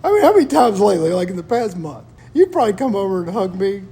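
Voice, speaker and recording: A man's voice: sits high, big pitch swings, fast, mellow, breathy edge. A man talking in a casual chat, telling stories about his family in an earnest, reflective way.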